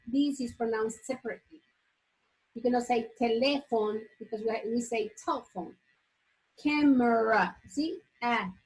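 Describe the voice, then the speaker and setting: An English teacher gives a classroom lesson on pronunciation, modeling example words slowly and drawing them out. Her voice is a little high, the recording is rough, and she often checks with the class by asking "okay?"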